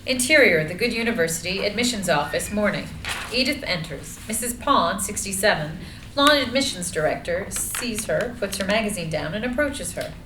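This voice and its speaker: A woman narrating the action lines of a screenplay reading in a measured, plain way. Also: mid-range voice, lively intonation. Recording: echoey room, light noise.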